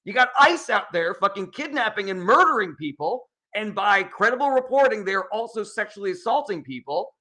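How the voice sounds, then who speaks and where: A man's voice: sits high, lively intonation, normal speed, few pauses, sharp tone. A man hosting a political livestream, reading chat questions and answering in heated, profane rants.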